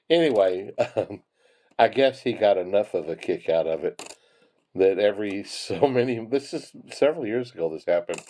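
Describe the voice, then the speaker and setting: A man's voice: on the low side, expressive, moderate pace, dark tone. A man telling rambling, chuckling anecdotes while sorting pennies. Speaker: penny hoarding hobbyist. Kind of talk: casual storytelling while sorting coins.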